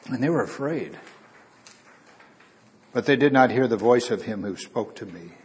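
A man preaching a Bible teaching, talking casually to his listeners and reading scripture aloud with dramatic emphasis. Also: mid-range voice.

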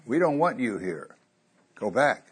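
A man preaching a sermon, telling a Bible story and getting louder when he quotes scripture. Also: medium pitch, unhurried, slightly rough. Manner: animated, rising loud on quoted scripture.

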